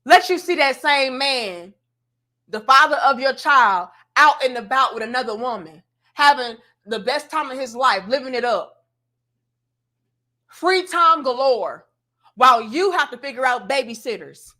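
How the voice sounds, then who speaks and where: Woman, commentary show host, high pitch, emphatic, lecturing, talks to viewers. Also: animated, unhurried, pushed and bright.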